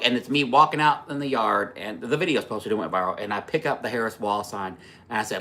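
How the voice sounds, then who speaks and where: A man in his fifties hosts a casual livestream, his voice low-pitched yet bright and forceful. He rambles through his stories, swears freely, and keeps backing up to restart sentences with plenty of fillers. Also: fairly quick. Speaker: livestream host.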